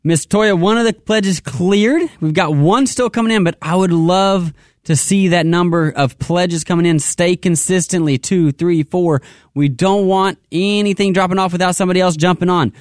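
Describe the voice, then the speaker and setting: A man hosts a radio pledge drive in an upbeat, urging way, and he slows right down whenever he repeats the phone number. His voice sits high for a man, and the sound is dry and close with no room around it. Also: no echo. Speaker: radio fundraiser host. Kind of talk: on-air pledge drive appeal. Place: radio studio.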